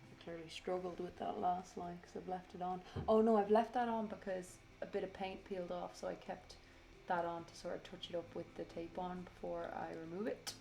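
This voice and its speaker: A woman's voice: lowish voice, little pitch movement, moderate pace, gravelly, dark tone, a little hiss or hum. A woman chatting through a casual voiceover for her craft video. She says she is tired, rambles, swears freely and teases herself.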